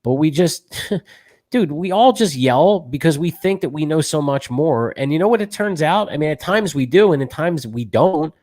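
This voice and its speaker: A man co-hosting a sports talk show, talking fast and emotionally as a self-described fan. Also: fairly high pitch, expressive, a little mellow.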